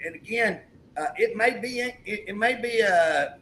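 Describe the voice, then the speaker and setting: A man's voice: high voice, animated, moderate pace, fairly bright tone, slight background noise, low-quality recording. A male talk show host chatting emphatically, retelling a story and acting out the quotes. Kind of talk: political talk show chat.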